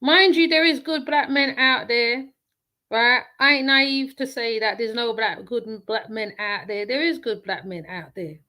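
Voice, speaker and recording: A woman's voice: a little high, unhurried, bright, forceful tone. A woman giving casual reaction commentary in a blunt, rambling way, often repeating herself.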